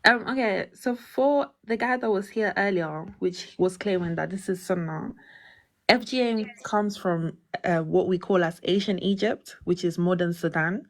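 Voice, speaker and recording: A woman caller speaking in an emotional, indignant and forceful way. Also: on the low side, a little slow. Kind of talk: impassioned call-in statement.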